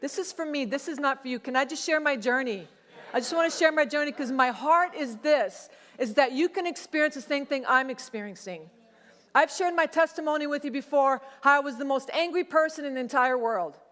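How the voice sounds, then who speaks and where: A middle-aged woman pastor preaching a sermon, telling a personal testimony in a conversational, animated way. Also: high-pitched, brisk. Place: church sanctuary. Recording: long church hall reverb.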